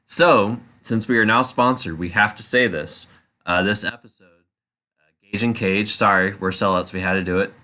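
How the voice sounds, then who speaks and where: A man's voice: on the low side, normal speed, sharp tone. A man co-hosting a casual movie chat show, laid-back and trailing off with fillers. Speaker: podcast co-host.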